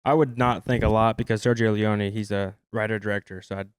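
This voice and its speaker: A man co-hosting a casual film podcast, talkative and quick to laugh. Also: on the low side, steady tone, clear, resonant tone, dry recording, clean studio sound. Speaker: podcast co-host.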